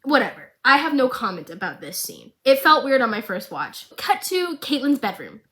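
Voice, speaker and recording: A woman's voice: high voice, sing-song, moderate pace, bright, forceful tone. Chatty young woman recapping a show. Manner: chatty, swears, makes fun of the characters, does funny voices for them. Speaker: recap vlogger. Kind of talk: comedic show recap with acted quotes.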